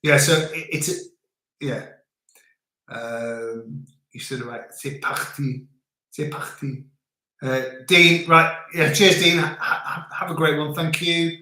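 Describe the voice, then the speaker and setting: A man's voice: a little high, fairly even intonation, slow, bright, forceful tone, echoey room. A man from the UK casually chatting on a livestream, joking and reading out viewer comments. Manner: jokey, reads out viewer comments. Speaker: livestream host.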